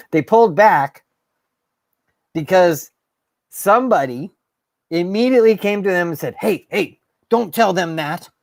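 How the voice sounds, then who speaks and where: Man host, heated sarcastic rant, slightly high voice, dry close sound. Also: no room sound. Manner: fired up, swearing, sarcastic. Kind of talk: ranting monologue.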